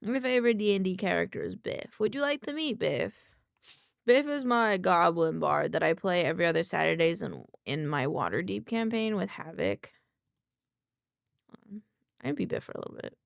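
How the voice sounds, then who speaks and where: Chatty woman streamer, gravelly and animated. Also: fairly low pitch, normal speed, dry recording, clean studio sound. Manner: chatty and excitable, talks to her devices and reads chat. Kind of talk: casual live-stream chat.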